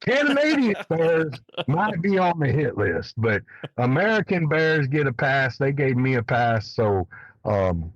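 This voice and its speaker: Man, hunting guest, casual storytelling, animated, salty language, dull lo-fi audio, dry sound. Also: medium pitch, a little slow, no room sound. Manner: animated, colorful, swears freely. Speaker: guest elk hunter.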